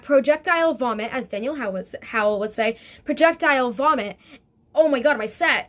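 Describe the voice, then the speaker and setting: A young woman telling a casual storytime vlog in a chatty, excitable way, full of fillers and swearing. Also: sits high. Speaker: vlogger.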